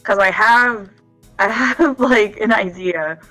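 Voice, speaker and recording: A woman's voice: mid-range voice, slow pace, faint music behind, poor audio. Emphatic woman podcast co-host. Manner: animated, emphatic, repeats points. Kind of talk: casual chat.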